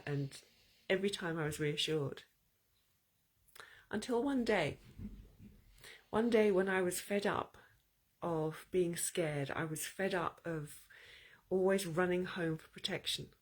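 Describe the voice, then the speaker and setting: Woman, breathy, mid-pitched, calm, measured, reflective monologue host. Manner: calm, storytelling, measured pauses. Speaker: podcast host.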